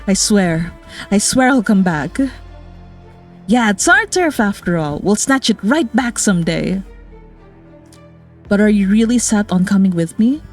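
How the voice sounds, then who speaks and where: A woman streaming a game, reading the story text aloud at a middle pitch. She keeps the character lines plain and breaks into quick, excited asides. Soft game music plays faintly behind her.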